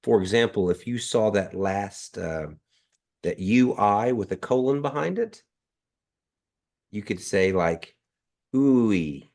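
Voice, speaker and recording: Deep-voiced man teaching on a video call. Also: animated, darkish tone. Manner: patient, models sounds slowly and repeats them. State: nasal from allergies. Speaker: language teacher. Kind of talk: online language class.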